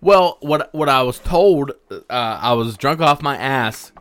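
A man's voice: medium pitch, animated, slow, a bit bright. A man in casual chat among friends, joking and swearing.

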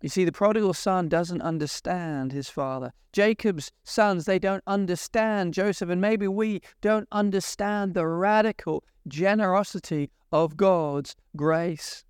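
A man delivers a slow, deliberate sermon in a smooth, resonant voice. He retells scripture with emphatic pauses and turns to earnest, pleading appeals to his listeners. The recording is close and dry. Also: high voice, dry recording. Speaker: preacher.

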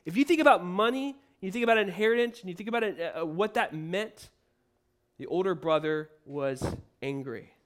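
A man's voice: sits high, expressive, normal speed. A man preaching a sermon, emphatic and full of rhetorical questions.

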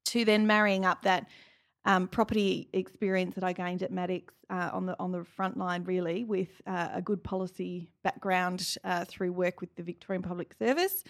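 A woman answering interview questions in an office, speaking with many pauses and restarts. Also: fairly low pitch, steady tone, gravelly. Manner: halting, many fillers and restarts. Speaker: guest, industry chief executive. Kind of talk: casual interview talk.

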